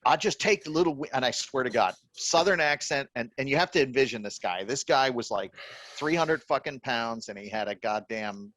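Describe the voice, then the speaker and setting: A man's voice: medium pitch, lively intonation, normal speed, fairly bright tone, no room sound. A man in his fifties telling blunt, profane stories as a guest in a casual chat. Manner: blunt, profane, laughing storyteller. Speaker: reptile breeder guest. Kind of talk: casual storytelling.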